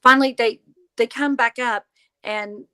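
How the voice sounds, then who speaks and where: A woman guest telling a story in conversation, animated, acting out the lines of the people in it. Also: fairly high pitch, a little slow, clear, resonant tone. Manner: animated, acts out quoted dialogue. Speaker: podcast guest, paranormal investigator.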